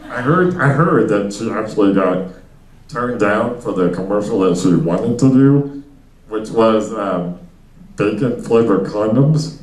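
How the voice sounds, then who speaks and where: A young man doing stand-up, his low voice wandering through loose, filler-heavy bits and crowd banter. He sounds a little distant from the mic, and the club room rings around him. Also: expressive, a little slow, a little mellow. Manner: rambling, loose delivery with many fillers and asides. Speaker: stand-up comedian. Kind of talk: stand-up comedy set with crowd work. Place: comedy club stage before a small audience. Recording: echoey room, miked from a distance.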